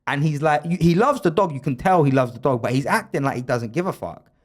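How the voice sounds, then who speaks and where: A man's voice: on the high side, lively intonation, fast talker. A man casually telling a comic story on a podcast, swearing freely and acting out what others said. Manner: swears freely, acts out quoted voices.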